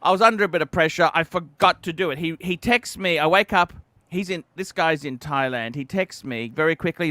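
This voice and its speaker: Excitable man with a bright voice. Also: on the high side, fairly quick, dry recording. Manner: animated storytelling, acts out quoted texts, laughs often. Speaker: livestream host. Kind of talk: casual livestream chat.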